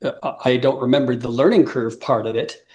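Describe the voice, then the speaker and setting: A man in his fifties with a medium-pitched, slightly mellow voice talks briskly as a musician guest in a casual interview. He tells rambling stories, laughs often, and acts out quotes.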